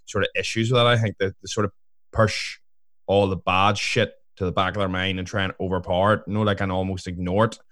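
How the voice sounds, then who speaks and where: A man's voice: deep voice, level tone, fast talker, a bit bright, dry recording, studio quality. A man in casual podcast chat, rambling with lots of fillers and swearing.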